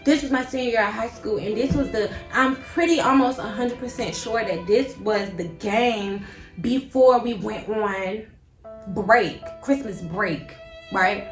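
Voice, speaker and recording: A young woman tells a personal story in a high, expressive voice, slangy and dramatic, and she acts out her own panicked thoughts. She is recorded in an echoey room, with faint music underneath. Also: unhurried. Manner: animated, slangy, dramatic inner monologue. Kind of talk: storytime vlog, casual retelling.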